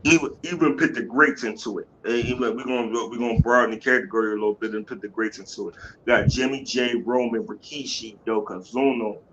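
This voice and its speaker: A man's voice: medium pitch, fairly even intonation, fast talker, lo-fi sound, background noise. A man co-hosting a podcast in loose casual chat, often restarting and repeating his phrases. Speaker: podcast co-host.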